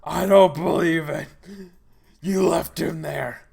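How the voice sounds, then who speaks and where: A man voicing a wounded, enraged male monster in a tabletop game, roaring slow, drawn-out lines. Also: a little high, fairly even intonation, vocal fry, slightly rough, voice pushed up, heavily acted. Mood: raging. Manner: slow, shouted, drawn-out roars.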